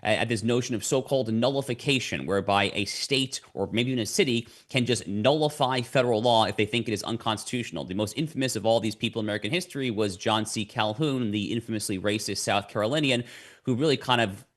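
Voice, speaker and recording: A man's voice: fairly low pitch, fast talker, a bit bright. A man as a podcast guest, explaining at length in a lecturing way and repeating words as he starts his sentences. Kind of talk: explanatory conversation.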